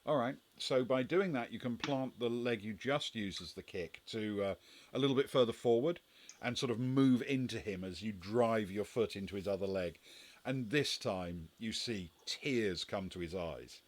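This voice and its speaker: A man's voice: fairly low pitch, moderate pace. A man acting as game master, narrating a tabletop game in a hesitant way with many restarts.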